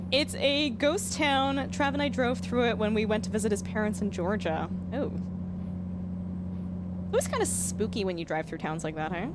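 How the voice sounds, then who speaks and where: A woman's voice: medium pitch, lively intonation, moderate pace, very noisy. A young Canadian woman chatting casually to her stream while playing a game, often checking how she says place names. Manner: chatty, laughing, questioning her own pronunciation. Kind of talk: casual livestream chat while gaming.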